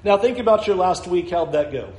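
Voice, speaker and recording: A man's voice: high voice, animated, fairly quick, darkish tone, echoey room, poor audio. A male pastor preaching a sermon, earnest and building to emphatic challenges.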